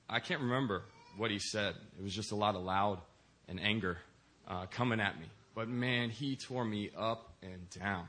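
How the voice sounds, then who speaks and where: A man's voice: fairly low pitch, animated, fairly quick, pushed and bright. A young man, a deacon, preaching a sermon in a church and telling stories with acted-out voices. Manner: storytelling, acts out quoted voices. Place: church in Korea.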